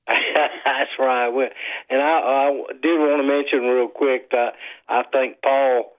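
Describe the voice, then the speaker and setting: A man calling into a radio show who keeps things brisk and to the point. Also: medium pitch, steady tone. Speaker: radio caller. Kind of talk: phoned-in chat. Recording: dull lo-fi phone line.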